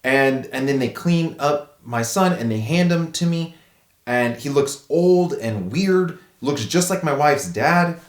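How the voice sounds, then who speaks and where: Animated guy telling stories, echoey room. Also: fairly high pitch, takes it slowly. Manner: animated, says "dude" and "bro" a lot. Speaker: vlogger. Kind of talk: casual storytelling vlog.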